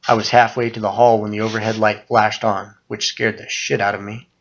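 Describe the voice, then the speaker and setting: A man reading his own first-person horror story aloud, muttering through the narration and breaking into loud outbursts on the quoted lines. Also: on the low side, flat delivery, a little fast, lo-fi sound.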